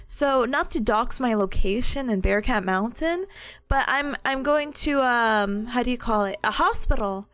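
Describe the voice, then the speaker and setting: A woman's voice: a little high, a little slow. A woman in her twenties chatting on a stream, telling a story with lots of laughter and acting out what people said. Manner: animated storytelling, acts out quoted voices, laughs often. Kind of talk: casual chat stream.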